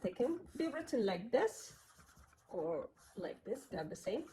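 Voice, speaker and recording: A woman's voice: mid-range voice, very animated, a little slow, mellow, a little hiss or hum. A woman giving a beginner piano lesson, patiently counting beats and chanting rhythm syllables aloud. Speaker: piano teacher.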